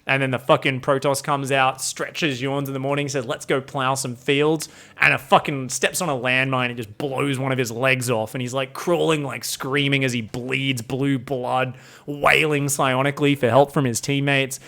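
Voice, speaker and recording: A man's voice: mid-range voice, level tone, normal speed, gravelly, fairly bright tone. A man streaming game commentary, rambling, joking and swearing freely.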